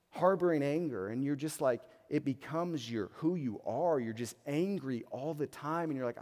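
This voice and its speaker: Passionate male pastor preaching in a reverberant hall. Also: medium pitch. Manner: passionate, swings between loud bursts and quiet reflection. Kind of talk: sermon.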